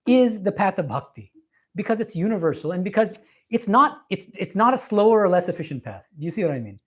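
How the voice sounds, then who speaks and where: Emphatic monk lecturing an audience. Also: male voice, high voice. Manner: earnest, emphatic storytelling with laughs. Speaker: visiting swami giving a talk. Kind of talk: spiritual lecture with Q&A. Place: meditation hall with a live audience.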